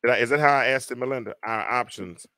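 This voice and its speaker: A man hosting a casual live-stream talk show, chatting with a co-host and putting questions to the audience in an animated, storytelling way. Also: medium pitch, quick pace, no echo, clean studio sound. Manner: animated, laughing storyteller who acts out quotes.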